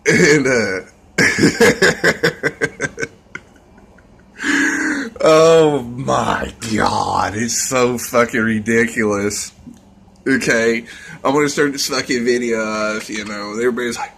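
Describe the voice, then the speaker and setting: A man's voice: mid-range voice, takes it slowly, vocal fry, pauses often, a bit bright, a little hiss or hum. A man ranting in a casual vlog, rambling and scornful, swearing constantly. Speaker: vlogger.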